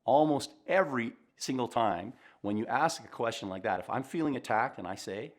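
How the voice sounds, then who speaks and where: A middle-aged man, a communication coach, giving earnest, reflective advice straight to camera in a calm way. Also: mid-range voice, a little fast, few pauses.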